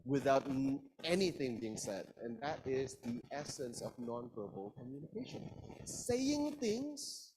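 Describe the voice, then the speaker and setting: A man's voice: mid-range voice, normal speed, hardly any pauses, darkish tone, a little hiss or hum, poor audio. A man teaching an interactive communication class, asking the students questions and playfully stretching words for emphasis. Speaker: lecturer.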